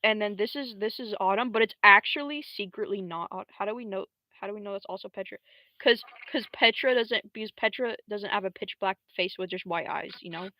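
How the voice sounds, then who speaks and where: A young adult woman livestreaming in casual, slangy, rambling talk, swearing freely and jumping into squeaky high voices to quote characters. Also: fairly quick, sharp tone, no room sound, poor audio. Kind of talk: casual live-stream commentary.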